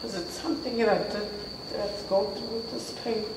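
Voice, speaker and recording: A woman giving a halting, earnest church testimony. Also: medium pitch, steady tone. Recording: echoey hall, distant mic, cricket noise.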